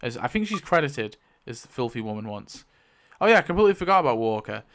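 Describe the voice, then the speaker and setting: A man giving casual, animated commentary as he rewrites a story, thinking aloud, swearing and exclaiming in mock outrage. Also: mid-range voice, quick pace. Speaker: YouTube creator.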